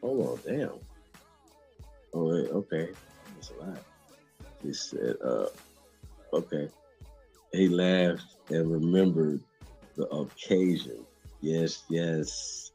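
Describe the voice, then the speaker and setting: A man's voice: rumbling low, expressive, slow pace, creaky, pauses often, mellow, faint music behind. A man hosting a live stream, reading a text aloud and often breaking into mocking laughter and swearing.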